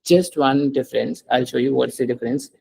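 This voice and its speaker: Guiding a student through pronunciation one rule at a time, this French teacher keeps asking her to say words out loud. His voice is mellow, slightly husky and medium-pitched, and he talks patiently but briskly on a low-quality recording.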